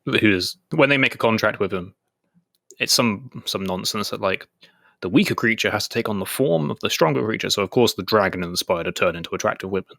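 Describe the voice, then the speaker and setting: Chatty man with a bright voice. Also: lowish voice, animated, fairly quick, vocal fry, dry recording, clean studio sound. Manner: chatty, many "like" fillers, retells scenes in quoted voices. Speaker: podcast co-host. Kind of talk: casual chat.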